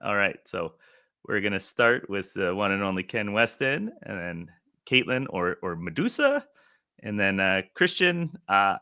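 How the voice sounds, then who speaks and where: A man hosting a livestream in a friendly, relaxed way, thanking guests and bringing on the next group. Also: fairly low pitch, a little slow, dry recording, studio quality. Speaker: livestream host.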